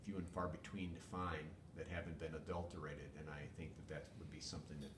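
Older man, very low voice, measured, wordy, filler-heavy interview talk, echoey room. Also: flat delivery. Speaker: former police chief, guest. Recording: echoey room with faint rumble.

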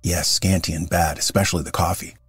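A man reading the lines of a fussy, sharp-tongued dead woman, with curt, querulous replies. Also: deep voice, fairly even intonation, fairly quick, husky, no echo, faint music behind. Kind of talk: audiobook reading of a character.

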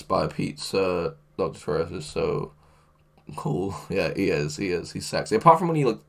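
A man chatting casually on a livestream, excitable, laughing often and swearing a lot. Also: lowish voice. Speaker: livestreamer reading chat.

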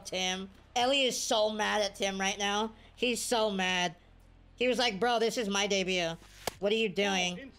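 A woman commentating her own video game play, excitable and cheering on or scolding her players. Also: mid-range voice, a little slow. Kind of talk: casual gameplay commentary.

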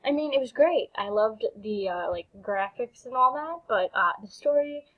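Woman gamer, higher voice, slow bewildered reactions, dull lo-fi recording. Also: animated. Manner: bewildered, exclaiming, laughing between lines. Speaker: gaming YouTuber. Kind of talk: reading game text aloud with reactions.

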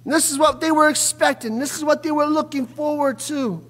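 A male pastor delivers a fervent evening sermon in a very high, ringing voice. His speech is full of "uh" fillers and breaks into sudden shouted bursts. The sound carries a long church reverb. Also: fairly even intonation, a little fast. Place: church sanctuary.

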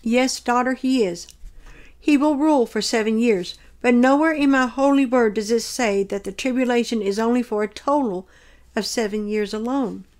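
Gentle loving divine figure, a lady reading his words, soft and solemn, kinda high. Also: moderate pace, natural voice.

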